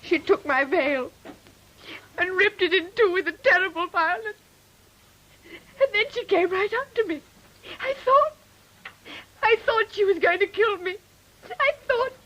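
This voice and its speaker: An actress playing an earnest young governess in a 1950s television drama, polite and restrained, trembling when upset. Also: female voice, high voice, normal speed, pauses often, fairly bright tone, dull audio. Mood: frightened.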